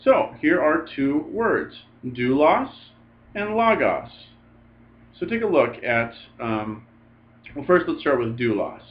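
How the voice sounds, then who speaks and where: A man's voice: a little high, big pitch swings, slow. A male teacher giving a recorded grammar lecture, patiently drilling word forms aloud in lists. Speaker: Greek teacher. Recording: slightly dull lo-fi recording.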